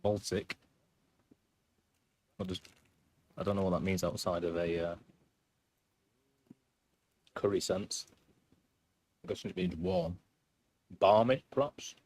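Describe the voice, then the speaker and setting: A man's voice: low voice, slow, long pauses, darkish tone. A man streaming a video game, chatting casually in a rambling, self-mocking way. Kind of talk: casual live-stream chat.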